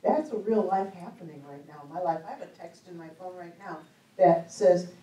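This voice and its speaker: A woman's voice: on the low side, moderate pace, dark tone. A woman giving a storytelling sermon in a church hall, chatty and humorous, often laughing. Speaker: speaker at a church conference. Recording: echoey hall, mic at a distance.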